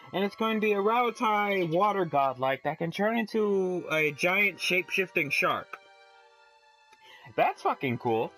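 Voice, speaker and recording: A man's voice: high-pitched, fairly bright tone, poor audio. A man hosting a let's play, commenting casually in a profane, rambling way and reading aloud from a magazine.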